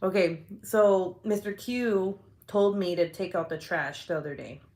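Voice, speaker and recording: A young woman telling a story in casual livestream chat, animated and profane, laughing often and acting out her own reactions. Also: fairly low pitch, a little slow.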